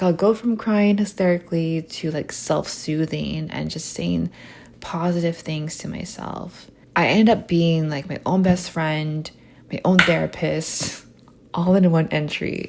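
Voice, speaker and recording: A young woman talks through a soft, stream-of-consciousness podcast episode in a slow, gravelly voice. She rambles casually, with plenty of "like" and "you know" fillers, and sits a little below the usual pitch. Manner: chatty, many "like" fillers, soft and unfiltered. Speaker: podcast host.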